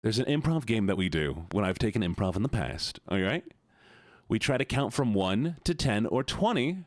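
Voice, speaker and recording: A man's voice: lowish voice, sing-song, moderate pace, no echo, clean studio sound. A man livestreaming, chatting playfully with his viewers and greeting them one by one. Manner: playful, teasing, greets chat by name. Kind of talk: casual live-stream chat.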